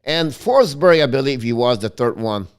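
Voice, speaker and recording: Smooth, medium-pitched and moderately paced, this middle-aged hockey streamer talks with excitement on his casual live show, often starting over and fixing what he just said.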